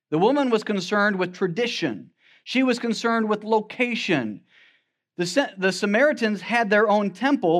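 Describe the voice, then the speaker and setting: High-voiced pastor preaching. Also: male voice. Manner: earnest preaching, quotes scripture in old-fashioned wording. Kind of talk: sermon.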